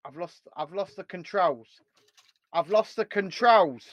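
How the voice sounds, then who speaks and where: A man's voice: sits high, a little slow, fairly bright tone, dry recording, lo-fi sound. A man hosting a casual live stream chat, swearing and laughing as he banters with viewers and his co-host. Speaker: livestream host.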